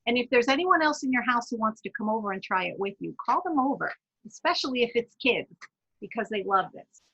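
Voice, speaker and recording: Bright, husky woman leading laughter yoga. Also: on the high side, lively intonation, brisk. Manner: encouraging, chatty, bursts into loud chanted laugh sounds. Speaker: wellness presenter. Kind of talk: guided laughter yoga lesson. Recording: dull lo-fi online talk audio.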